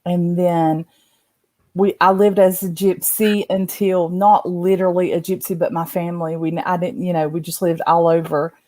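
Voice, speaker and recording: A woman's voice: fairly low pitch, flat delivery, moderate pace, darkish tone, no room sound. A woman with a Southern Appalachian accent, chatting and laughing often on a video call from her bed at home. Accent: Southern American, Appalachian. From Southern United States. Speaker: guest. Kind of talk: casual chat on a video call.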